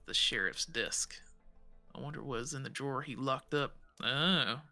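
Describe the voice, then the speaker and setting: A woman's voice: extremely low pitch, moderate pace, bright, forceful tone, faint music behind. A woman casually chatting and joking while streaming a game with a friend. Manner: playful, jokey.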